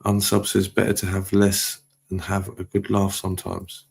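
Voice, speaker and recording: A man, chatting casually on a live stream, reading viewer comments aloud and giving relaxed shout-outs. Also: sits low, moderate pace, vocal fry, breathy edge.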